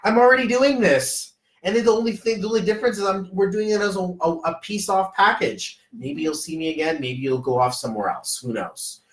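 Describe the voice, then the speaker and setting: Man, live-stream coach, casual rambling chat, hypey, fairly high voice, distant from the mic. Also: brisk. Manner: rambling, hypey, often slips into quoted voices. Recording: echoey room, voice off-mic.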